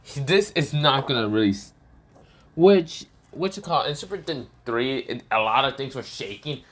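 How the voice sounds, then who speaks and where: A man's voice: mid-range voice, lively intonation, normal speed, fairly bright tone. A man casually telling an improvised fan story, rambling and swearing, full of fillers and self-corrections.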